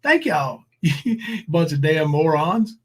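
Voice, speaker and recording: A man's voice: a little high, sing-song, slow, breathy edge. A man hosting a livestream, talking in a rambling, sarcastic, coarse way. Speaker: livestream host. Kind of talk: casual livestream commentary.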